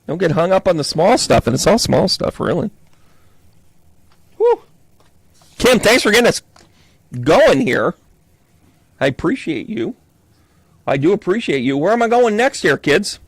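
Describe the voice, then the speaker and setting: A man's voice: sits high, sing-song, a little slow, creaky, pauses often, slightly rough, no echo. A man with a Southern US accent doing a chatty, playful live tarot reading for viewers, joking between cards. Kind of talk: live card reading, casual chat.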